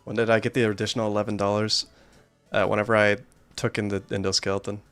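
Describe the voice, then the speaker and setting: Deep-voiced joking male game streamer. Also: flat delivery, quick pace, a bit bright, clean tone, soft background music. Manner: joking, self-deprecating asides. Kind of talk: game commentary.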